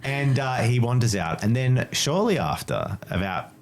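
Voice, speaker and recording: A man's voice: mid-range voice, big pitch swings, measured pace, soft background music. A man with an Australian accent narrating a tabletop game as game master, playful and laughing often. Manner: playful, laughing, voices the innkeeper.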